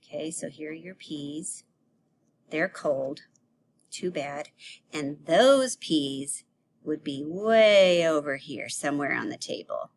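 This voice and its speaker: A woman teaching a children's grammar lesson on video, playful and animated, acting out example sentences. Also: sits low, takes it slowly, slight background noise.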